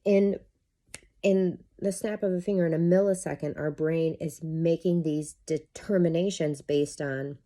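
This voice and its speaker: Low mellow-voiced woman coaching. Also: fairly even intonation, measured pace. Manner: candid, chatty, swears freely. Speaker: life coach. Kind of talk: casual monologue to camera.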